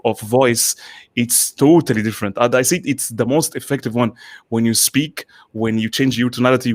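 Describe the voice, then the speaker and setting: A man hosts a live online session and reads out audience questions. He sounds enthusiastic, stumbling through fillers and repeated words. His voice sits at a middle pitch and sounds dry, with no room echo. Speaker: host. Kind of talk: live online talk show hosting.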